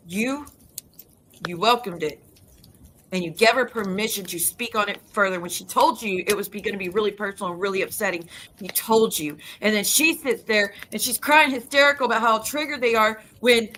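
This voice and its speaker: A middle-aged woman vlogger delivers an angry, profane rant to her audience, her voice bright and forceful and pitched slightly high. She keeps breaking off and restarting her sentences as she pushes through. A faint background hiss sits under the recording. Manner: heated, profane, rapid restarts and self-interruptions. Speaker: YouTube creator. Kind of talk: ranting monologue to viewers.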